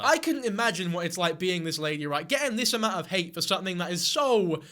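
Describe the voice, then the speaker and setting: A man's voice: high voice, expressive, fast talker, few pauses, bright, forceful tone. A man doing reaction commentary, sarcastic and exasperated, swearing often. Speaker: commentary YouTuber.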